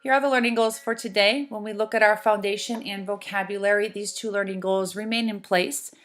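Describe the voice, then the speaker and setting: Woman teacher narrating a recorded lesson, measured and clear, faint music underneath. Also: medium pitch, fairly even intonation, fairly bright tone. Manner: slow, clear and deliberate, spelling out sounds.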